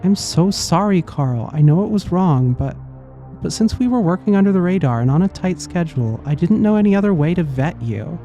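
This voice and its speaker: Apologetic princess-politician, earnest and pleading , read by a man in a mellow, slightly high voice. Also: lively intonation, fairly quick, soft background music. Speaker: let's play host voicing game characters. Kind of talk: reading game dialogue aloud.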